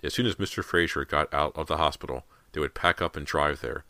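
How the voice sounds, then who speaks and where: A man narrating a horror audiobook in a measured storytelling manner. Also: very deep voice, gravelly, bright, forceful tone, no room sound.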